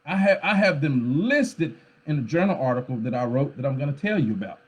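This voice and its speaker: A man's voice: mid-range voice, big pitch swings, fairly quick, breathy edge. A man speaking at a forum with an emphatic, lecture-like delivery, often repeating words and checking in with the listener. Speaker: pastor and scholar speaking at a forum. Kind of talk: impassioned lecture-style talk. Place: livestreamed forum.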